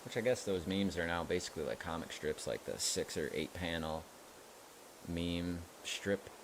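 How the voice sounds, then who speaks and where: A man's voice: sits low, normal speed, slight background noise. A man streaming a video game, chatting casually with rambling asides as he plays. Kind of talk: casual gameplay commentary.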